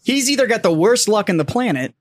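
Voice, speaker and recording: A man's voice: high-pitched, big pitch swings, fast, no echo. A man co-hosting a podcast, swearing freely and acting out his reactions in casual banter. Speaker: podcast co-host.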